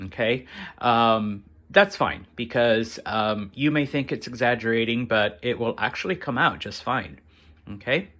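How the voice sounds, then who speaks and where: A man teaching a Spanish lesson to students, halting with many fillers and often checking in with "okay?". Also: mid-range voice, a bit bright. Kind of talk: classroom lesson explaining to students.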